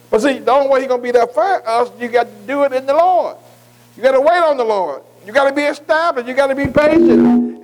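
Folksy high-voiced older preacher. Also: male voice, rough recording. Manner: folksy, calls for congregation response. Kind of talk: sermon.

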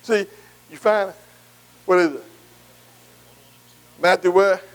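A man's voice: sits high, takes it slowly, clean tone, rough recording. A man preaching a call-and-response sermon, asking "am I right?" again and again. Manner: repeats "am I right?" to the congregation.

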